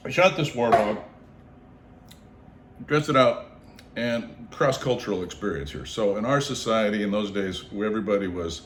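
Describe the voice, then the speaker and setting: An older man from the Seattle area hosts a podcast with a deep, low voice. He tells stories in a lively way, repeats words and acts out the people in them. The room gives an echo, and there is a faint hiss underneath. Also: moderate pace, pauses often. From Seattle area, USA. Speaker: podcast host. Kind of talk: storytelling in casual conversation. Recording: roomy echo.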